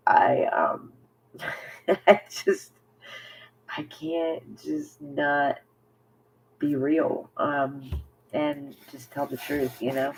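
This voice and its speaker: A woman's voice: a bass voice, creaky, a little mellow, a little hiss or hum, poor audio. A woman talking candidly to camera in a casual personal vlog, rambling with many fillers. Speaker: vlogger.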